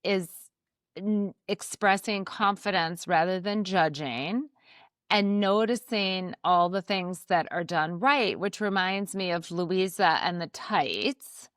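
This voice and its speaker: A woman's voice: lowish voice, takes it slowly, a bit bright, no room sound, clean studio sound. A woman co-hosting a parenting podcast who speaks thoughtfully, affirming her partner and summing up the points. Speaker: podcast co-host. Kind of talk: casual parenting chat.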